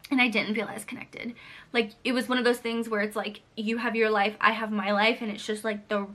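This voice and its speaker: A woman's voice: a little high, little pitch movement, brisk, pushed and bright. A woman chatting casually in a book vlog from her home library, rambling with lots of fillers. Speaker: book vlogger.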